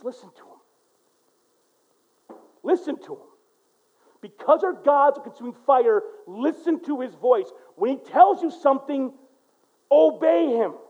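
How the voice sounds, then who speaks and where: Animated high-voiced preacher, casual and loud. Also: male voice, narrow, tinny audio. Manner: casual, animated storytelling, swings from hushed to loud. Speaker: pastor. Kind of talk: sermon with personal stories.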